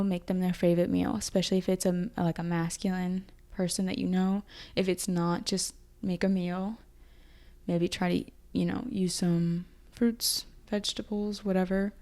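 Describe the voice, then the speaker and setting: Speaking in a warm, medium-pitched voice, a young tarot reader chats casually through a reading. She thinks aloud about her intuitions with plenty of emotion.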